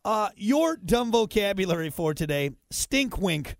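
Brief: male morning radio host, high voice, teasing, dry close studio sound. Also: sing-song, a little slow, dry recording. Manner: playful, mock-innocent teasing. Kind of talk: casual radio banter.

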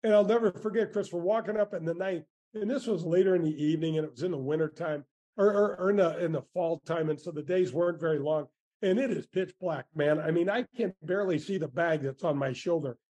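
A man in his sixties, a former tour golfer, telling stories in a casual interview with lively warmth and frequent restarts. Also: a little high, fast. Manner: animated, grateful storyteller with many restarts.

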